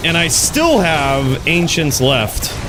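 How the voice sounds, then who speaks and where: A man's voice: on the high side, very animated, slow pace, over music. A man streaming a video game, chatting casually with viewers, laid-back and swearing freely. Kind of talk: casual gaming commentary.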